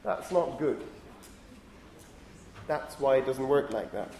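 A male lecturer giving a university lecture, talking in a lively way, often correcting himself and checking in with "okay?". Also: mid-range voice, slow pace, slight background noise. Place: lecture hall. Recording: roomy lecture hall echo.

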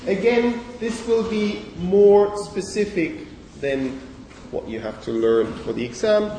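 A male lecturer talks through phonetics in a large lecture hall, picked up from a distance with a long, roomy echo. His voice is dark and mellow and sits a little high for a man. He explains patiently and keeps checking in with the class. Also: slow, slight background noise. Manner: explanatory, addresses students with frequent okays.

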